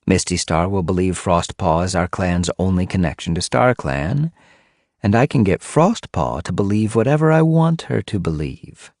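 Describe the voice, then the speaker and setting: A man's voice: sits low, lively intonation, moderate pace, a little mellow, no room sound, clean studio sound, pitched above the performer's own voice. A man voicing a scheming female warrior cat who speaks coolly and persuasively in an audiobook. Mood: smug.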